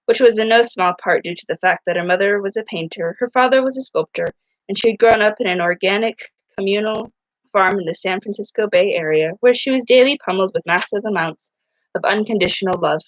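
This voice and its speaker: A woman's voice: mid-range voice, a little fast, no echo, low-quality recording. A woman reading a novel aloud in a casual way, often stumbling and restarting her words. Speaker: reader.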